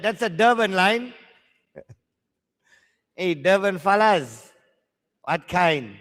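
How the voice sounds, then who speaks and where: A man's voice: high-pitched, animated, slow pace, long pauses, a bit bright, big-room sound. A South African man teaching maths at a live exam workshop, joking with learners in slangy banter.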